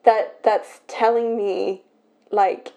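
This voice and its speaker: Emotional, halting young woman confiding. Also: mid-range voice, fairly even intonation, dark tone. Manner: emotional, halting, many restarts. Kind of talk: personal confessional talk.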